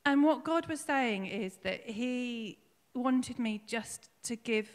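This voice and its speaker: A woman tells her story of faith at her baptism, her voice a little high and often close to tears. She talks haltingly, with many small fillers, and a long church reverb trails behind her words. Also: animated. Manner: emotional, tearful, halting with fillers. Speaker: baptism candidate giving testimony. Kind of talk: personal testimony in church. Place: church hall.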